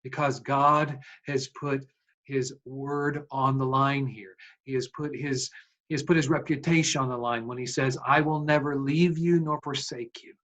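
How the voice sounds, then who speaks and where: A man's voice: medium pitch, steady tone, a little slow, fairly bright tone, low-quality recording. A male pastor preaching an earnest, emphatic sermon, often asking rhetorical questions. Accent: American.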